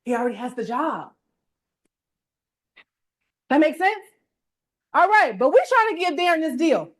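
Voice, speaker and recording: Woman, workshop speaker, very high pitch, hype call-and-response, says y'all. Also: very animated, measured pace. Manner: colloquial, uses "y'all". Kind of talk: energetic motivational workshop talk. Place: live room with audience.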